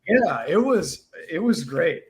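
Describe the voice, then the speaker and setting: A man in a casual podcast chat, speaking a bit high with a very lively, swooping pitch. He sounds enthusiastic and keeps jumping into quoted lines. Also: normal speed. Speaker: podcast co-host.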